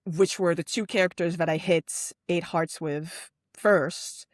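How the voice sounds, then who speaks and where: A woman co-hosting a casual chat, telling a story with lively acted-out dialogue. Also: measured pace, dry recording, studio quality. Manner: animated storytelling, acting out dialogue with big pitch jumps. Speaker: podcast co-host.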